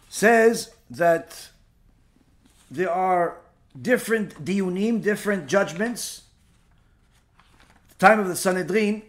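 Male rabbi, high-pitched, emphatic sermon delivery rhetorical questions. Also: a bit bright. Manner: emphatic, rhetorical questions, mixes Hebrew terms. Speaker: rabbi giving a Torah class.

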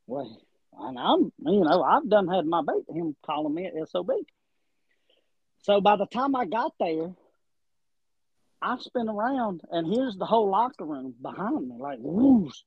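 A man's voice: sits high, unhurried, husky, no echo. A man, a guest wrestler on a podcast, telling a long story and acting out the quotes as he goes. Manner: animated, rambling storyteller, acts out quotes. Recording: dull lo-fi audio.

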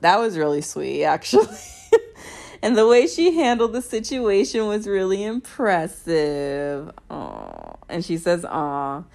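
A woman's voice: medium pitch, very animated, measured pace, darkish tone. A young woman hosting a podcast, recapping a reality show in casual chat, sarcastic and laughing often.

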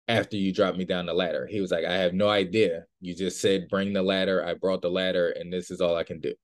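A man hosting a podcast, telling a parable in a relaxed monologue and acting out the quoted lines. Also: low voice. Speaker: podcast host. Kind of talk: storytelling monologue.

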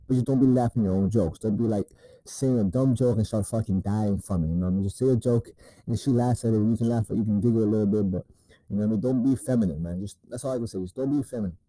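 A man's voice: fairly low pitch, fast talker, warm tone, low-quality recording. A man hosting a casual advice monologue, talking crudely and profanely and tacking "man" onto his sentences. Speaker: dating advice host.

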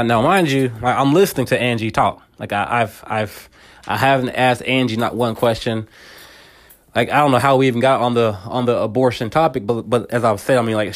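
A man hosting a podcast, talking in a casual personal monologue, often stumbling and repeating words. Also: medium pitch. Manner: halting, repeats words, casual slang like "bro". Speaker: podcast host.

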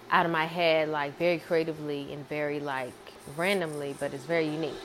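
A woman's voice: low voice, a little hiss or hum. A woman casually retelling a movie script she dreamed up, rambling and repeating herself with many fillers. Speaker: amateur screenwriter.

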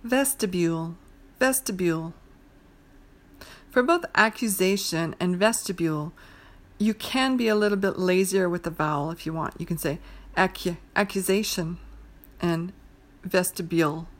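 A woman teaching English pronunciation, reading a word list slowly and saying each word twice with careful articulation. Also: lowish voice.

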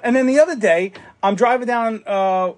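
A man's voice: extremely high pitch, normal speed. Rambling, cursing man telling a story. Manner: rambling, profane, acts out quotes. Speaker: podcast co-host. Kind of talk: casual storytelling chat.

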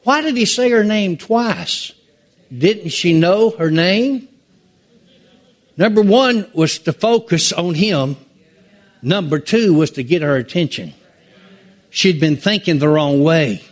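A man's voice: high voice, expressive, slow, pauses often. A man preaching a sermon as pastor, drawing out emphatic phrases with sweeping swings in his voice.

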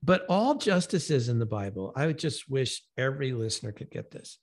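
A man hosting a podcast who explains his points in a measured, gently emphatic way. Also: medium pitch, big pitch swings. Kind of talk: conversational teaching.

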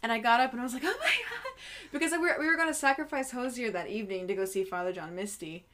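A young woman co-hosting a podcast, chatting casually with lots of fillers and quick laughs. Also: on the high side, a bit bright. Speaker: podcast co-host. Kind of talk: casual chat.

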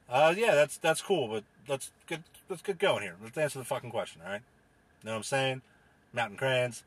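Exasperated, deadpan comedy host. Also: male voice, on the high side, brisk, slightly rough, dry recording. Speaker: host, panel moderator. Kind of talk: improvised comedy panel.

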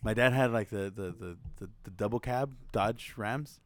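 A young man co-hosting a podcast who tells a family story in casual chat, laughs often and mimics shouting relatives. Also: on the low side, moderate pace, a little hiss or hum. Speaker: podcast co-host.

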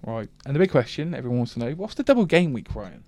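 A man with an English accent hosting a local radio sports show, chatting casually with quick, jokey, scattered talk. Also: mid-range voice, sing-song, dark tone, dry recording.

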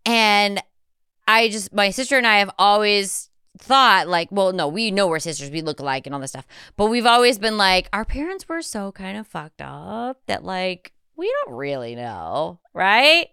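A woman's voice: mid-range voice, sing-song, moderate pace, creaky, bright, forceful tone, clean tone, no room sound, clean studio sound. A woman co-hosting a podcast, chatting casually and expressively, with frequent swearing. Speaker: podcast co-host. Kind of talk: casual chat.

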